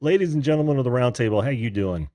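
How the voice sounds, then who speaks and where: A man's voice: mid-range voice, lively intonation, mellow, no room sound. A man hosting a casual video call-in chat, laughing often. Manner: laughs often, drawn-out easy delivery. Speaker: host.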